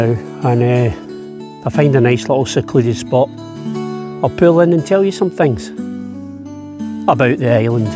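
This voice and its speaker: A man's voice: medium pitch, a little slow, long pauses, music in the background. A man, a travel vlogger, chatting as he walks an island path outdoors, slightly out of breath on the climb. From Scotland. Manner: chatty, easygoing, jokey. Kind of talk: walking travel vlog.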